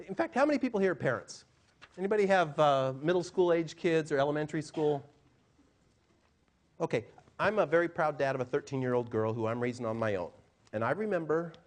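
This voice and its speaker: A middle-aged communication trainer delivers an animated live seminar talk to a room, acting out quotes in shifting voices. His voice is a little high.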